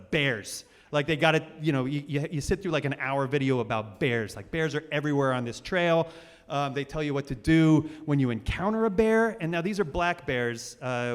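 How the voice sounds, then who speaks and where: A man in his forties hosting a live storytelling show, rambling and self-deprecating, with many fillers and restarts. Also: on the high side. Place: stage of a cultural center hall. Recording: reverberant live hall.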